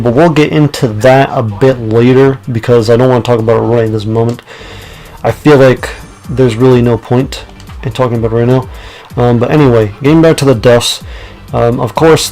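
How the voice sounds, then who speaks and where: A man's voice: mid-range voice, darkish tone, low-quality recording. A young man casually retelling movie scenes in a rambling spoken review, full of ums and uhs.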